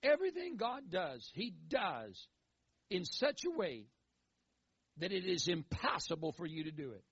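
Male preacher, husky gravelly voice, swooping animated delivery, dull dry lo-fi sound. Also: sits high, unhurried, dry recording. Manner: animated, acts out quoted voices, emphatic repetition. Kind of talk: sermon.

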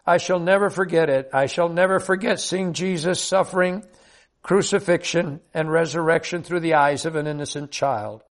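An older man with a notably high voice tells a heartfelt devotional story in an earnest, sincere way. He reads it at a steady pace with deep feeling. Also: normal speed. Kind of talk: devotional personal story reading.

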